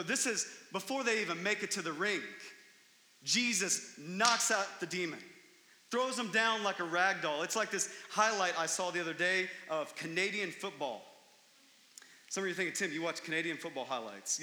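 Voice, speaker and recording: A man preaching a sermon, telling stories with lively, excited emphasis. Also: sits high, moderate pace. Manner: animated storytelling, rising to excited emphasis. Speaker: pastor. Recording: echoey hall with long reverb.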